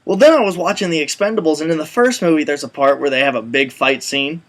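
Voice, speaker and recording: A man co-hosting a casual web show, telling stories in an animated way and swearing now and then. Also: a little high, quick pace. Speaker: co-host. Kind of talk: casual chat.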